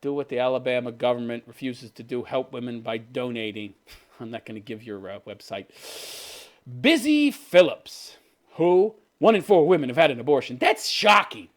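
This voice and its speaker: A man's voice: medium pitch, animated, moderate pace. A man in his fifties hosting a commentary show, ranting sarcastically and profanely about posts he reads out, with scoffing chuckles. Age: 50s. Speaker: commentary channel host.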